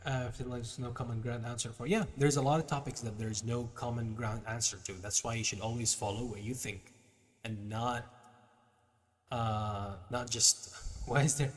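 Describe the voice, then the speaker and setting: A man's voice: medium pitch, in a large hall. Laid-back slangy male streamer. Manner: laid-back, slangy, reading chat aloud. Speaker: livestream host. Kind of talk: casual livestream chat.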